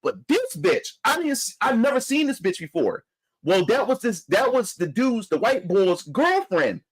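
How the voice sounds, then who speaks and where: A young man with a high voice tells a story in casual talk, heated and profane. His pitch swings widely as he stumbles through restarts and acts out both sides of an argument. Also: normal speed, husky, rough recording. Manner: heated, profane, animated retelling with many restarts. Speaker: channel host.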